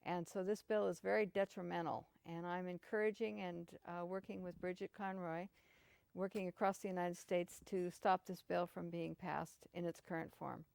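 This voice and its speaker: A woman guest explaining her concerns in an earnest, steady interview style. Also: fairly low pitch, normal speed, vocal fry, clean tone, no room sound. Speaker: guest activist. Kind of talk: interview answers.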